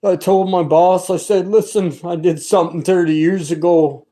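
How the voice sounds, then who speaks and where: A man's voice: high voice, fairly even intonation, moderate pace, mellow. A middle-aged man giving a personal religious testimony, talking in an earnest, rambling and fervent way with many restarts.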